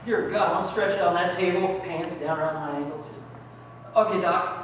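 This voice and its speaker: A man's voice: high voice, steady tone, brisk. A young man telling self-deprecating stand-up stories, acting out his own squeals and pleas. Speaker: stand-up comedian. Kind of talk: stand-up comedy. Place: small comedy club. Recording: echoey hall, distant mic, room noise.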